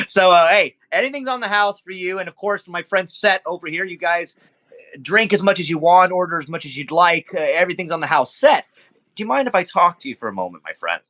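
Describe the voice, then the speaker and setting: A man's voice: sits high, expressive, fairly quick, pushed and bright, voice pushed up. A man voicing a flamboyant male club owner who plays the showy host with nervous undertones.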